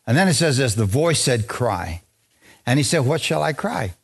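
A man preaching a lively, joking sermon in a church, drawing responses from the congregation. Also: mid-range voice, moderate pace, vocal fry, breathy edge. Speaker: pastor. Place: church sanctuary.

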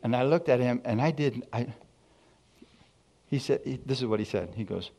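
A man preaching a sermon, telling a personal testimony in a lively storytelling way and acting out the dialogue. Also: mid-range voice, moderate pace, gravelly. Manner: storytelling, animated, acts out dialogue.

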